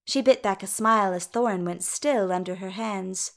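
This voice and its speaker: A woman narrating a story in an unhurried, even manner. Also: mid-range voice. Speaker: reader. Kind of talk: storybook reading.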